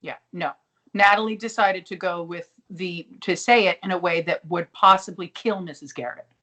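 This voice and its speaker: A young woman co-hosting a casual podcast recap, animated and swearing freely as she acts out characters. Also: fairly low pitch, moderate pace. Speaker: podcast co-host.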